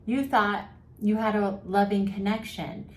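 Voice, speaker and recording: A woman's voice: mid-range voice, steady tone, measured pace. A woman vlogger giving mental health advice straight to her viewers, sympathetic and chatty with a teasing, sarcastic edge. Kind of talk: direct-to-camera advice talk. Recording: roomy echo with faint background noise.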